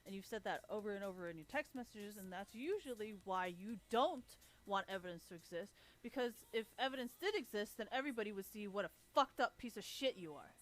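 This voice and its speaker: A woman's voice: medium pitch, lively intonation, fairly quick, hardly any pauses, soft background music. Blunt, swearing woman streamer. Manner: blunt, heavy swearing, laughs often. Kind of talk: casual profane rant.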